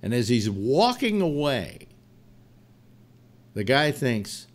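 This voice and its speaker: A man hosting a live talk show, telling a long joke in a rambling, animated way with restarts. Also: medium pitch, slow, slight background noise. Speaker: host.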